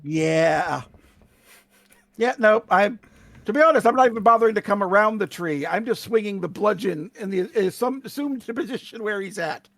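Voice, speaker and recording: A man's voice: high-pitched, animated, normal speed, vocal fry, a bit bright, no echo. A man playing a tabletop game, describing his character's moves in detail and laughing easily. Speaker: player.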